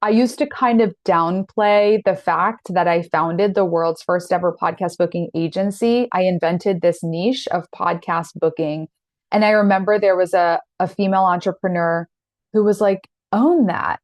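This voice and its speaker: A woman in her thirties, her voice fairly low and her speed normal, teaches an online masterclass with no room sound audible. Her manner is earnest, direct and encouraging, livened by quoted asides.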